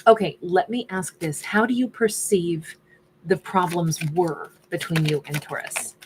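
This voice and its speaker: A woman's voice: on the low side, a little slow, noisy background. A woman doing a casual tarot reading who thinks aloud and is losing her voice. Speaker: tarot reader.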